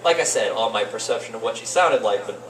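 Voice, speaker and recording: A young man doing rambling open-mic stand-up comedy in a cafe, with deadpan asides. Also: fairly low pitch, quick pace. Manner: rambling, deadpan asides, lively swings into mock voices. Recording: roomy cafe with faint noise, distant mic.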